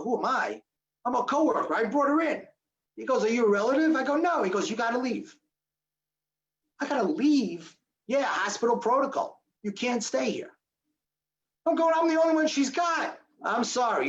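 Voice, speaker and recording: A man telling a survival story to an audience, acting out the dialogue with sudden jumps in his voice. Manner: animated, acts out quoted dialogue with sharp pitch jumps. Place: audience hall. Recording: dull lo-fi recording.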